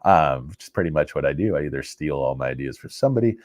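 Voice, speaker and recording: Low-voiced rambling stock channel host, a man. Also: fast talker, no echo, studio quality. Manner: rambling, excitable, self-mocking. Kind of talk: casual market commentary.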